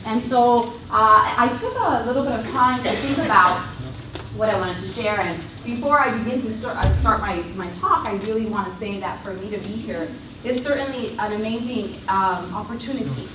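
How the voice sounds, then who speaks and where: Woman lecturer, earnest and expressive, higher voice, distant mic, faint hiss. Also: normal speed. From Cuba. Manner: earnest, expressive, warm-hearted speaker. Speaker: university lecturer giving a talk. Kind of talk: public lecture with a recited poem. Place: lecture hall. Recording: roomy hall sound from a distance.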